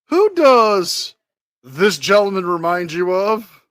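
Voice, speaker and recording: Slow, lively-pitched man in a dry room. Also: no room sound. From Ohio, raised in Florida. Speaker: podcast co-host. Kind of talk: casual podcast chat.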